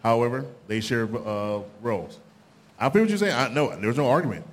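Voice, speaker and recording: A man's voice: mid-range voice, expressive, brisk. A man hosting a podcast in casual banter, laid-back, full of slang and hesitant fillers. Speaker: podcast host.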